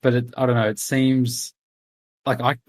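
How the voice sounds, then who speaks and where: A man's voice: medium pitch, level tone, moderate pace. A man co-hosting a casual film podcast, talking hesitantly and often trailing off with "I don't know". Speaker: podcast co-host.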